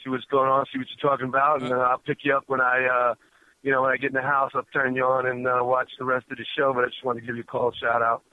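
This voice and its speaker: A man calling into a sports show while driving home, chatting in a relaxed, hesitant way. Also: medium pitch, fast talker, no echo. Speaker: caller. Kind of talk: casual phone-in chat. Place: driving in a car. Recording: tinny phone line from a car.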